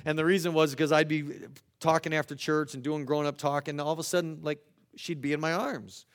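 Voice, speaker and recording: A middle-aged man, a children's pastor, telling stories from his ministry in a lively talk, getting loud and high at the funny peaks. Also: brisk. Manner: animated, swings loud and high at story climaxes.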